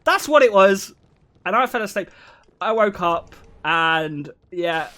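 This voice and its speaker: A young man telling stories to his live chat, animated and self-deprecating and laughing often. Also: high-pitched, takes it slowly. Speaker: streamer. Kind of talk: casual storytelling to a live chat.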